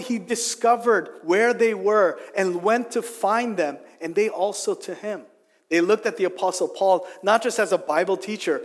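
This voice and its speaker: High-voiced pastor preaching in a hall. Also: male voice. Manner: earnest, with humorous asides. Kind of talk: sermon. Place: church sanctuary. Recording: long reverb of a church hall.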